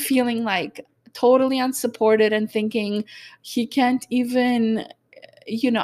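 Woman vlogger, somewhat high voice, halting reflective personal storytelling. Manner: halting and reflective, many fillers; earnest, gently emotional.

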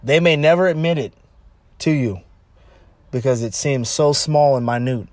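A man talking casually and bluntly about dating, animated and repetitive, jumping higher when he quotes people. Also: moderate pace, no room sound. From California, United States. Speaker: relationship advice talker. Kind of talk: casual monologue.

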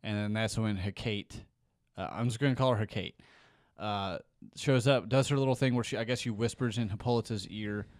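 A man co-hosting a casual podcast, recapping a comic in a relaxed, hesitant way with many fillers. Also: lowish voice, fairly quick, no room sound. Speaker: podcast co-host.

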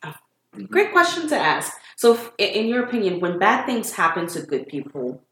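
A woman chatting casually on a podcast, quick and full of fillers. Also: medium pitch, big pitch swings, a bit bright. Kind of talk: casual chat. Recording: roomy echo with faint noise.

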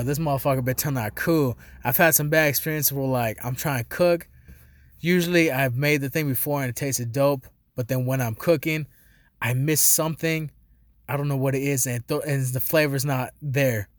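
A young man chatting casually in a rambling, profane, excitable way, laughing often as he tells stories. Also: mid-range voice. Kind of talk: casual chat.

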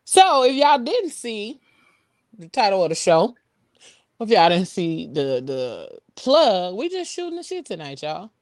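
A woman co-hosting a casual online talk show, telling a story with lively, slang-heavy banter and laughter. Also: medium pitch, a little slow, no room sound, clean studio sound. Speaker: podcast co-host.

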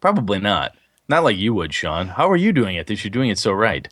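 Low-voiced man rambling on a podcast. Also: brisk, no room sound, studio quality. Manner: rambling, animated storyteller with many fillers. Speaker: podcast co-host. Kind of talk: casual podcast chat about tabletop gaming.

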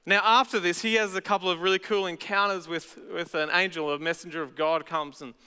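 Australian male pastor, high clear voice, casual sermon delivery, echoey hall sound. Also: fairly even intonation, a little fast, pushed and bright. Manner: conversational, chatty with casual asides.

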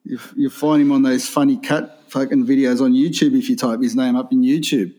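A man's voice: mid-range voice, fairly even intonation, fairly quick, over loud music. Blunt man with dry quips. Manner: blunt, crude, dry one-liners. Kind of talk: casual chat.

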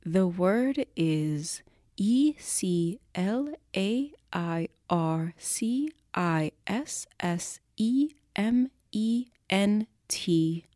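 A woman's voice: medium pitch, lively intonation, extremely slow, mellow. A woman running a word game, spelling out words and ruling on answers in a matter-of-fact way. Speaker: game show judge. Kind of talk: reading game cards and rulings.

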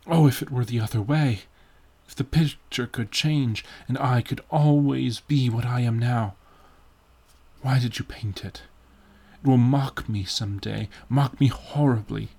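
A man's voice: medium pitch, unhurried, gravelly, dark tone, slightly rough. A man doing a vain, brooding young man. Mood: impassioned.

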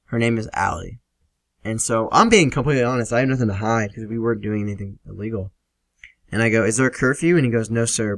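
A young man hosting a podcast alone, telling a personal story in a casual, profane, animated way and acting out the other people in it. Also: on the low side, dry recording. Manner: profane, animated retelling with quoted dialogue. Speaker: podcast host.

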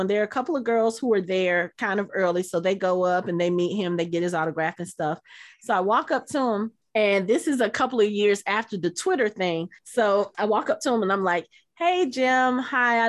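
Animated storytelling woman, dry close sound. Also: dry recording. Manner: animated, acts out quotes in high voices. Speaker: podcast co-host. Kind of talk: casual chat, storytelling.

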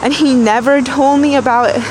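A young woman in a personal voice diary, miserable and rambling, halting with many fillers and restarts. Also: high-pitched, steady tone, noisy background.

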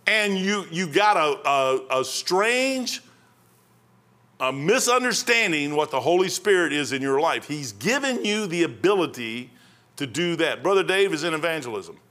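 Older preacher man, folksy and plain talking, kinda high voice, bright and punchy. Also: expressive, unhurried. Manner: plain-spoken, folksy preaching with rising outbursts. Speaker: pastor. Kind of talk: sermon.

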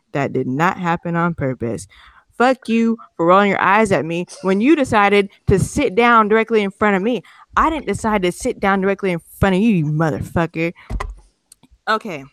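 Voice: medium pitch, fairly bright tone, clear, resonant tone, no room sound. Exasperated, profane podcast host rant. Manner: sarcastic, mocks people's excuses. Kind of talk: comedic rant.

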